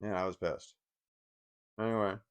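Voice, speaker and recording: Angry, swearing man with a lowish voice. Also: steady tone, clean tone. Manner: angry, heavily profane, halting restarts. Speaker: vlogger. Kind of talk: personal rant monologue.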